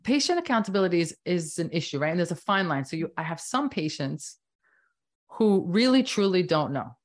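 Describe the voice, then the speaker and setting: A woman in her fifties, a doctor speaking as a podcast guest, talking emphatically in animated bursts. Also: fairly low pitch, a little fast. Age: 50s. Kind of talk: casual interview talk.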